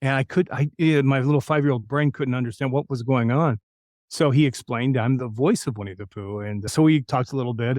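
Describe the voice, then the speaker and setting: A man's voice: mid-range voice, darkish tone, no room sound, studio quality. An older man from New Mexico, a voice actor telling career stories in an interview, anecdotal and self-deprecating. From New Mexico, United States. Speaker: voice actor guest. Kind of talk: storytelling interview.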